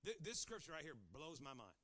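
A man's voice: fairly high pitch, very animated, fairly quick, pushed and bright. A male pastor preaching a sermon, acting out pleading voices dramatically.

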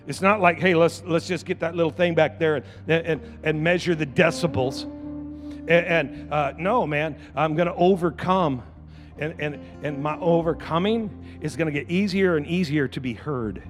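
A man preaching a sermon as pastor, repeating phrases and building to loud shouts. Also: on the high side, moderate pace, long reverb tail, soft background music. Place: church.

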